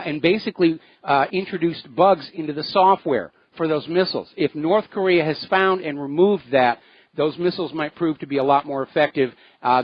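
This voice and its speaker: A man hosting a call-in radio talk show, opinionated and often pausing on "uh" fillers. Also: fairly high pitch, dry recording, lo-fi sound. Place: Hawaii studio.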